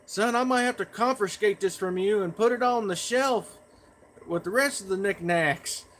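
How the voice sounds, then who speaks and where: A man voicing his excited mother, who gushes with delight over a package. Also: fairly high pitch, unhurried, a little hiss or hum, pitched above the performer's own voice. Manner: gushing, delighted. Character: excited older mother, night owl.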